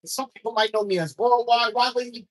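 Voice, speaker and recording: A man's voice: very high-pitched, fairly even intonation, normal speed, rough recording. A man from Delaware, a performing poet, introducing himself on stage and joking easily with the crowd. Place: live venue on stage.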